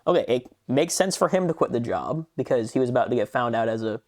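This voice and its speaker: Man, podcast co-host, casual ranting chat, swears a lot, mid-pitched, dry close sound. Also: fast talker, no room sound. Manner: animated ranting, swears freely.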